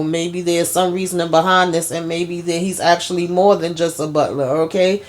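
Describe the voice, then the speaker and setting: A woman's voice: lowish voice, steady tone, moderate pace. A woman hosting a casual TV episode recap, retelling scenes in a chatty way and often adding "you know" and "okay?". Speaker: host.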